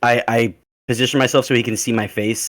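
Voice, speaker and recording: A man taking part in a tabletop game, talking loudly and with energy. The close mic gives a dry sound. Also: medium pitch, flat delivery, fairly quick, no room sound. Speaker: player. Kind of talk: in-character tabletop play.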